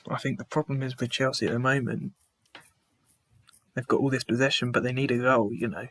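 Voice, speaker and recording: As livestream host of a football watchalong, a man commentates and greets chatters by name, sighing frequently and restarting phrases. His medium-pitched voice is fairly even in intonation, brisk and a bit bright.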